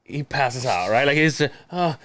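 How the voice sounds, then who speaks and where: A man's voice: medium pitch, unhurried. A man co-hosting a podcast in casual chat, telling stories with lots of laughter and swearing. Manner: animated storyteller, swears often, laughs a lot. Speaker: podcast co-host.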